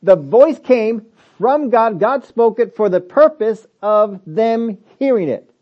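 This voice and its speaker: A man preaching a sermon, stressing points hard, then dropping to low asides, with many rhetorical questions. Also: animated, slow, highs cut off. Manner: emphatic, swings between loud stresses and low asides. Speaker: pastor.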